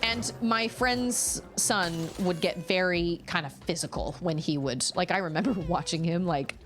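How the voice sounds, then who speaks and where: A woman chatting casually with her viewers while streaming a game from home, rambling through stories in an expressive way. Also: deep voice. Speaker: gaming streamer. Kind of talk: casual livestream chat while gaming. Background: faint game music.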